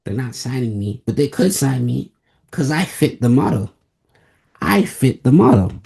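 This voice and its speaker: A man's voice: mid-range voice, very animated, moderate pace, gravelly, dark tone, husky. A twenty-year-old man from the United States giving an emphatic sports opinion monologue, repeating key phrases for stress. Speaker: sports vlogger.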